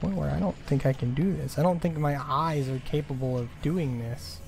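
An exasperated man talks over a horror game in a slightly higher than usual voice, swearing and piling up rhetorical complaints. A clear hiss of noise sits under his voice the whole way through. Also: moderate pace, a little mellow. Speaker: gaming video host. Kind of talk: frustrated let's play commentary.

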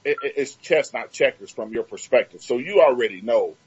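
A man's voice: mid-range voice, lively intonation, a little fast, breathy edge, dull audio. A man from Miami hosting an interview, talking reflectively and searching for his words. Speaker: host. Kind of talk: casual interview talk.

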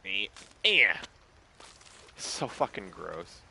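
A man's voice: on the low side, big pitch swings, very slow, creaky, sharp tone, slight background noise. A man streaming a game live, chatting casually, swearing and talking to the animals on screen. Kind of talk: live gameplay commentary.

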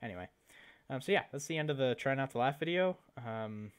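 A man's voice: mid-range voice, lively intonation, a little fast, smooth. Rambling teenage guy reacting to clips. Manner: rambling, chatty, laughs at own jokes. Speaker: YouTuber reacting to videos. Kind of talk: casual reaction commentary.

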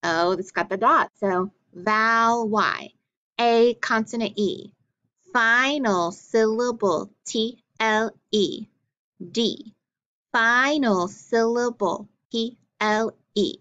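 Speaking a little high, a female teacher guides young kids through phonics at an unhurried pace, pronouncing every letter and vowel with care. Her delivery is slow, clearly enunciated, and full of steady, encouraging praise, captured on a slightly dull, lo-fi recording.

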